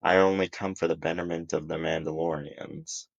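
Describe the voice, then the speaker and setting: A sly hooded male schemer from a storybook-style tale, smug and manipulative, as a man puts him on. The voice sits extremely low. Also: level tone, moderate pace, vocal fry, dull audio. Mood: persuasive. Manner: smug, manipulative, soft chuckling tone.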